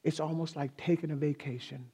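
A man's voice: on the high side, fairly even intonation, brisk, mellow, slightly rough. Emphatic male pastor in a reverberant hall. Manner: emphatic, repeats key phrases, addresses congregation directly. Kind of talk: sermon. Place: church sanctuary with congregation.

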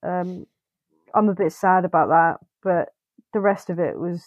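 A woman's voice: fairly low pitch, measured pace, dry recording. A woman co-hosting a podcast, chatting casually about a film, swearing freely and acting out her own reactions in quotes. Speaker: podcast co-host. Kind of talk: casual film review chat. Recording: dull lo-fi dry sound.

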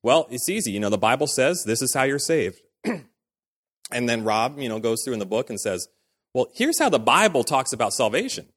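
A man's voice: mid-range voice, sing-song, brisk, fairly bright tone. A man, likely a pastor, giving a casual, conversational sermon in a church, full of fillers and acted-out quotes.

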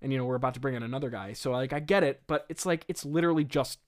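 A man comically retelling and mocking an old script he wrote, with laughing asides. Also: rapid-fire. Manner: mocking, laughing asides, lively pitch swings. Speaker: host.

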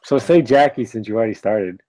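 A man's voice: lowish voice, brisk, mellow. A man in casual chat who talks with hesitations and repeated words.

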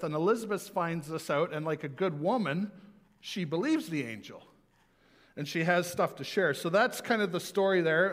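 A man preaching a sermon in a conversational, animated way, slowing down to stress key words. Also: a little high. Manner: conversational, animated, slows for emphasis.

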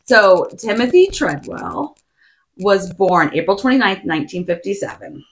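A woman's voice: medium pitch, lively intonation, normal speed, slight background noise. A woman co-hosting a casual podcast, telling a story with lots of giggles. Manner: giggly, storytelling, attempts silly accents. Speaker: podcast co-host. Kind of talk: casual chat.

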